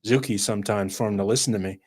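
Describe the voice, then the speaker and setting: A man's voice: lowish voice, fairly even intonation, quick pace. A man co-hosting a podcast in casual chat, mostly giving short agreeing replies and laughing along. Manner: brief agreeing interjections. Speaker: podcast co-host.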